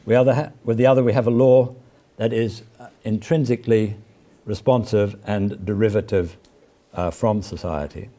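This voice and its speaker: An older man, a law professor, giving an academic lecture in a measured, halting way, often pausing with "uh" and stressing key words as he reads quotations aloud. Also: fairly low pitch, fairly even intonation, dark tone.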